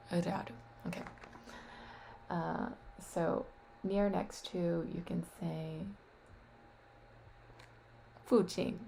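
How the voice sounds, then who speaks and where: A woman on a webcam practicing vocabulary aloud, tentative and thinking out loud as she sounds out words. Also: on the low side, creaky, slight background noise. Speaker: language learner practicing vocabulary. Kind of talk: casual solo practice on webcam. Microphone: webcam microphone.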